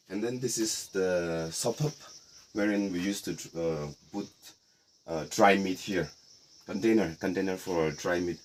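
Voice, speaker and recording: A middle-aged man from Nagaland, guiding a casual tour of a heritage house in a relaxed, explanatory way with playful asides. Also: low voice, a little slow, a little hiss or hum. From Nagaland, India. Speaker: tour guide.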